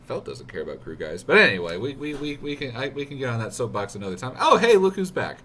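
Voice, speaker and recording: A man's voice: mid-range voice, animated, bright, forceful tone. A man co-hosting a casual chat show, making his points emphatically and arguing them hard. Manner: emphatic, quick to argue. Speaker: show co-host. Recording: faint background noise.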